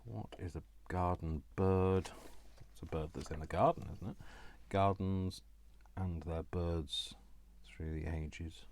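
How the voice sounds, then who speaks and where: A man's voice: deep voice, steady tone, slow, a little mellow, a little hiss or hum. A man hosting a crafting vlog, rambling casually and talking to himself as he sorts through craft supplies at his desk. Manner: rambling, talks to himself while sorting. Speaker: crafting channel host.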